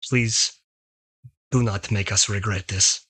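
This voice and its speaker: A stern, protective male warrior, as a player puts him on delivers a grave warning slowly and deliberately. The low, bright voice is close to the mic and dry. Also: fairly even intonation, husky, no echo, exaggerated voice. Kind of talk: tabletop role-play voice acting.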